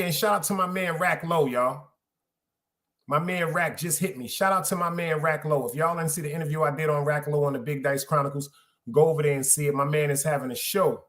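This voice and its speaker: A middle-aged podcast host talks in a high-ish, bright, forceful voice during a casual solo livestream. His chat is loose and streetwise, and he repeats phrases for emphasis.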